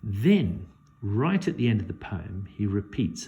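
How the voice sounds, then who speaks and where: A man teaching a poetry lesson, measured and thinking aloud as he works through a poem. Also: on the low side, sing-song, warm tone.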